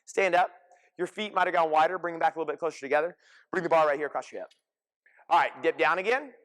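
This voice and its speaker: A fitness coach with a high-pitched male voice leads a group class. He talks in short, energetic commands and calls out cues as his class moves. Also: fast. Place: gym class.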